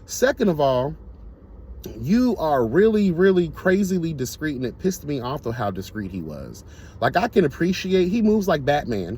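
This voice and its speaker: A man's voice: fairly high pitch, sing-song, normal speed, a little mellow, husky. A man telling a casual storytime monologue to his viewers, blunt, profane and emphatic. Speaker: storyteller vlogger.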